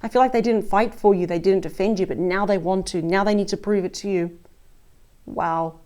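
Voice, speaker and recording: A woman's voice: medium pitch, fairly even intonation, fairly quick, a little mellow. A woman giving a casual tarot reading, chatty and full of exclamations, speaking straight to her listener. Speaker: tarot reader.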